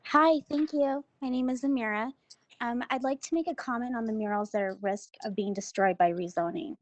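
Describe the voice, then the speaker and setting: A woman with a fairly high voice delivers a prepared public comment, earnest and audibly emotional. The sound is dry and close, with no room around it. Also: brisk, dry recording, lo-fi sound.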